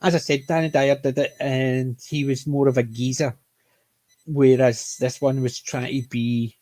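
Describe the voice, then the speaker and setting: A man's voice: medium pitch, little pitch movement, unhurried, dark tone, no echo. A man with a mild Scottish accent reviewing a TV comedy in casual chat, rambling and often correcting himself. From Scotland. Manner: rambling, frequent self-corrections and apologetic restarts. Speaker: TV show reviewer.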